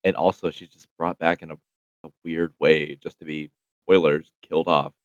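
A man with a very deep voice chats casually on a podcast, giving his opinions in a rambling way with plenty of fillers. The sound is dull and lo-fi, recorded close and dry. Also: little pitch movement, normal speed, no echo. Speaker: podcast co-host. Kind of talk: casual chat.

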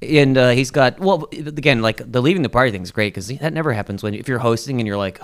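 A man co-hosting a podcast in casual chat, cracking quick jokes and acting out little bits. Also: medium pitch. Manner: quick wisecracking, acts out voices. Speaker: podcast co-host.

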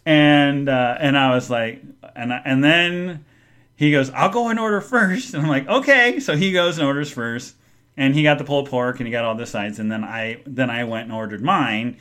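A man hosts his podcast in a bright, mid-pitched voice, rambling through a story in casual chat. He acts out the people he met, jumping high and loud for their lines before dropping back to a relaxed telling. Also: moderate pace, clean tone. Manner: animated, acts out quoted people with big jumps in pitch and loudness. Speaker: podcast host.

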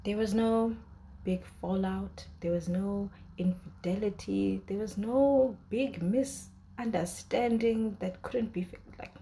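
A woman's voice: medium pitch, dark tone, a little hiss or hum. A young woman in casual commentary, talking emotionally about a drama's breakup with many fillers and restarts. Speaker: drama reviewer.

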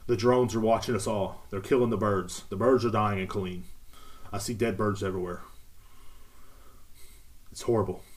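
A man's voice: on the low side, steady tone, moderate pace, long pauses. A man hosting a casual solo podcast, rambling through jokey stories with lots of fillers. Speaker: podcast host.

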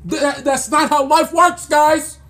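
A man's voice: extremely high pitch, steady tone, unhurried, a bit bright. A man ranting in sports commentary, exasperated and scolding, repeating himself as he builds his point.

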